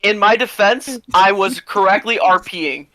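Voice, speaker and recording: A man's voice: high-pitched, moderate pace, crowd noise. A male podcast guest in casual chat, defensively arguing his side point by point.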